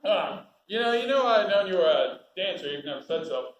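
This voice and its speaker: A wisecracking comedian. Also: male voice, sits high, animated, reverberant, highs cut off, a little hiss or hum. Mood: flirty. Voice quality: quick, jokey, flirtatious patter. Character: wisecracking male comedian, eager second banana. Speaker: comedian character. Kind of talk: stage drama acting.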